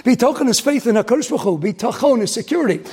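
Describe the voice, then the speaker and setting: A man, a rabbi, giving a sermon, swinging from loud outrage to hushed emphasis. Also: extremely high pitch, lively intonation, very fast, slight background noise.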